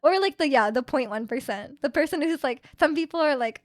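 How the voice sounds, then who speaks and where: Chatty young woman streamer, high voice. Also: animated, moderate pace, hardly any pauses, dry recording, clean studio sound. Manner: rambling, many fillers, acts out quoted people. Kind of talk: casual chat with live chat.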